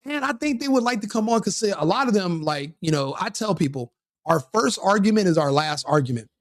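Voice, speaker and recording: A man's voice: high voice, expressive, a little fast, no echo, studio quality. A man hosting his own show, talking casually to his audience in a rambling way, restarting and correcting himself often. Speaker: podcast host. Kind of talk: casual solo commentary.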